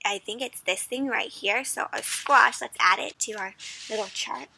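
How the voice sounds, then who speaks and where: A young woman hosting an interactive children's read-aloud, animated and teacherly, stopping to ask the listener questions. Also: fairly high pitch, moderate pace, gravelly, a little hiss or hum.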